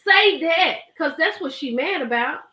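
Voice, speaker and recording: A woman's voice: high voice, unhurried. A woman hosting a live stream, chatting emphatically and gossiping about a reality show. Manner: animated, emphatic, chatty, greets viewers. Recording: roomy echo.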